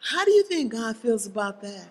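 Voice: medium pitch, sing-song, normal speed. A preacher delivering a sermon to a congregation, pressing the listeners with pointed rhetorical questions. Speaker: church speaker. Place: church sanctuary. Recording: long hall reverb in a church.

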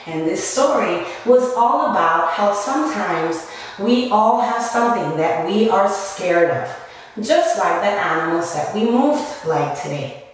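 A woman teaching a children's yoga and movement lesson, telling an animal story in a slow, singsong way. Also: mid-range voice. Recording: echoey room from a distance.

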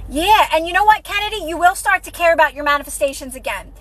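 A woman's voice: very high voice, animated, fast, fairly bright tone, rough recording. A woman hosting a casual motivational livestream, repeating herself encouragingly and greeting viewers by name. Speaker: livestream host.

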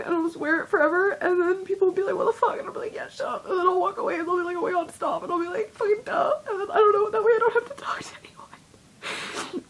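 A woman's voice: very high-pitched, a little hiss or hum. A young woman giving a rambling, heavily profane, self-deprecating confessional vlog monologue as a YouTuber.

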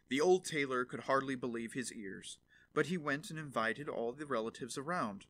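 A man narrating a fairy tale audiobook in an expressive storytelling manner. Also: medium pitch, moderate pace, slight background noise.

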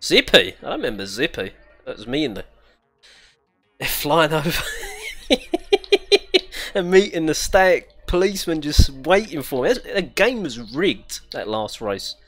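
A man's voice: fairly high pitch, sing-song, a little slow, long pauses, a bit bright. A young British man commentating casually while playing a racing game, chatty, swearing and giggling often. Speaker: gaming channel host. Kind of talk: casual let's-play commentary.

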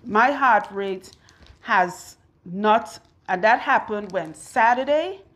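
A young adult woman with a Trinidadian accent, chatting casually and loudly while working, telling stories and acting out what people said. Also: mid-range voice, takes it slowly. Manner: loud, animated storytelling with quoted voices. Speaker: loctician and video host.

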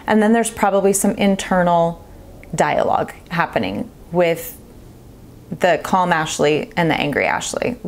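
A woman in her thirties giving earnest parenting advice straight to camera, stressing her points by repeating them. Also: fairly low pitch. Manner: earnest, emphatic, repeats key phrases. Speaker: parenting vlogger. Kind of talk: direct-to-camera advice talk.

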